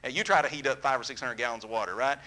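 A man preaching a sermon, telling a story in an earnest, animated way that drops to a soft, intimate tone. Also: medium pitch, rapid-fire.

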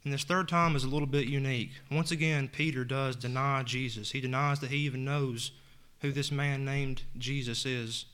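Male preacher, mid-pitched, earnest sermon delivery, scripture reading. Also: little pitch movement, normal speed, fairly bright tone, clean tone. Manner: earnest, reads scripture aloud and retells it in plain words.

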